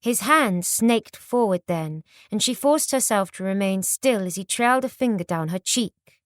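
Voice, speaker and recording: A woman narrating an audiobook in a steady, measured storytelling manner. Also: medium pitch, dry recording, studio quality.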